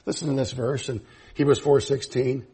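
A pastor preaching a sermon to his church, moving from low, quiet passages to loud, high, laughing emphasis. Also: steady tone, moderate pace, slightly rough.

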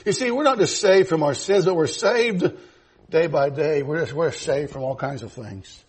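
A pastor preaching a sermon to his church, moving from low, quiet passages to loud, high, laughing emphasis. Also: expressive, normal speed, breathy edge.

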